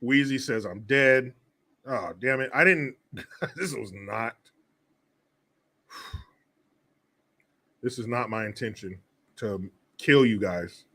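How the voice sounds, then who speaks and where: A man hosting a political commentary show, sarcastic and animated, often laughing and swearing. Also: medium pitch, slow pace, long pauses. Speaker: host.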